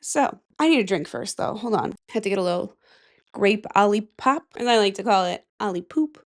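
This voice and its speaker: A woman's voice: mid-range voice, lively intonation, moderate pace. A young woman from Michigan hosting a casual solo podcast, nasal and stuffy from a cold, rambling and giggling at herself at her desk mic. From Michigan, USA. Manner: rambling, giggly, self-mocking. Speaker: podcast host. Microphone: desk microphone.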